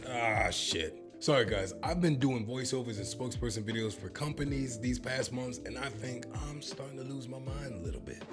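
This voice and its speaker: A man's voice: mid-range voice, normal speed, over music. A man filming a comedic reaction vlog, joking and swearing as he tries a language app. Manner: jokey, swears, bursts into mock announcer voice.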